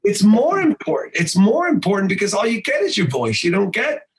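This is a man who voice-acts and teaches improv, speaking lively and loose on a casual podcast. He curses often and flips into fast voices, his voice sits high, and the recording is low quality.

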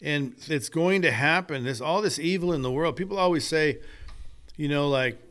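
A man's voice: on the high side, moderate pace, a bit bright. An older man, a guest author, telling stories in an earnest, preacher-like way during a casual podcast conversation. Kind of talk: casual chat.

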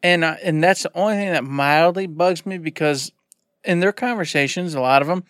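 A man in his forties co-hosting a casual gaming podcast, talking in an animated, emphatic way with quick asides. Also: a little high, dry recording, clean studio sound. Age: 40s. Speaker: podcast co-host.

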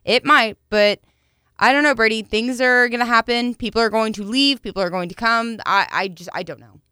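Young female podcast co-host, playful, crisp bright tone, dry close mic. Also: fairly high pitch, no room sound. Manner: playful and bubbly, quick to laugh and joke. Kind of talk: casual sports talk.

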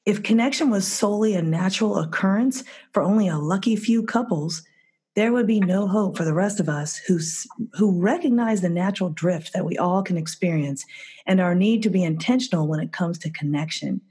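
Husky-voiced woman host with a cold. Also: lowish voice, fairly quick, darkish tone. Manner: earnest, reads questions from a script. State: has a cold. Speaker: podcast host. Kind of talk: podcast interview with scripted intro.

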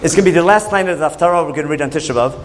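A man's voice: on the high side, racing, slight background noise, rough recording. A man teaching a Torah class in a conversational lecture, often asking his listeners questions. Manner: questioning, conversational, asks the audience.

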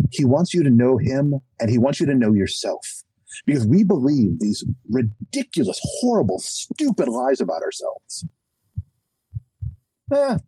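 A man's voice: medium pitch, dark tone, breathy edge, dry recording, poor audio. A middle-aged man, a podcast guest, telling his faith story in an emphatic, preachy way with self-deprecating humor. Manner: emphatic and preachy, acts out quick voices. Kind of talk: animated conversational testimony.

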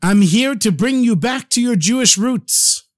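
A man's voice: extremely high pitch, lively intonation, a little slow, voice pushed up. A man voicing an earnest, devoted chassid who pleads his case with conviction.

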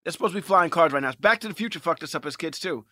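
A man co-hosting a podcast in casual chat, excitable and teasing, with emphatic outbursts. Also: fairly high pitch, very fast, no echo, studio quality. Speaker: podcast co-host.

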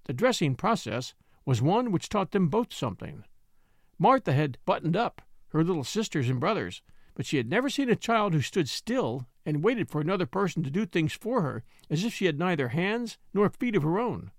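An audiobook narrator, a woman, reads a classic children's novel aloud in scripted narration, measured and expressive like a storyteller. Her voice is lowish, and the recording is dry with clean studio sound.

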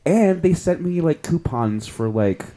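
A man's voice: fairly high pitch, a little slow. A man from New Mexico telling casual stories, hesitant and full of likes. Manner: animated, hesitant with many likes. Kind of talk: casual storytelling.

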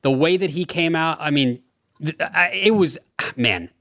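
A man's voice: on the high side, a little slow, a bit bright, no echo, clean studio sound. A man in casual chat, agreeing and talking with some swearing. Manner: agreeable, conversational, profane.

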